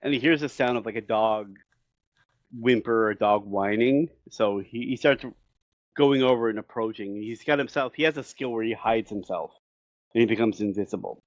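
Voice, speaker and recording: A man co-hosting a podcast, retelling an anime episode in an animated way and laughing often. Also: on the low side, normal speed, no room sound. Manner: animated storytelling with frequent laughs. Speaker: podcast co-host. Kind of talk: casual episode recap. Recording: dull dry lo-fi sound.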